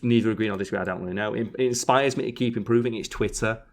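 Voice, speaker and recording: A man's voice: lowish voice, very fast, gravelly. Sarcastic man chatting on a podcast. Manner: sarcastic, reading survey answers aloud. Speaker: podcast host. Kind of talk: casual podcast chat.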